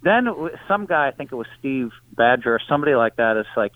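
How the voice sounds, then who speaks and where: A man calling in as a guest, telling stories in an animated way with bursts of laughter. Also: medium pitch, fast, no echo. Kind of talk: phone interview. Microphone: phone. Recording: tinny dry phone line.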